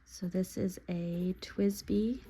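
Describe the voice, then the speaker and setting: A young woman making a relaxed, chatty vlog about her pens and inks, pausing now and then as she writes. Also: lowish voice, husky. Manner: chatty and relaxed, with pauses while writing. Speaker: pen and planner video creator. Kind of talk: casual vlog talk while writing.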